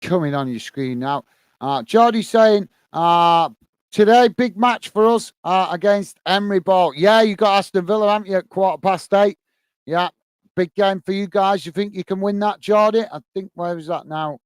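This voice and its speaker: A man's voice: sits high, moderate pace, clean tone, no echo. Chatty British man hosting a football watch-along. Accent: British English. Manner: chatty, greets viewers by name, frequent "uh" fillers. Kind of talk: live football commentary and chat reading.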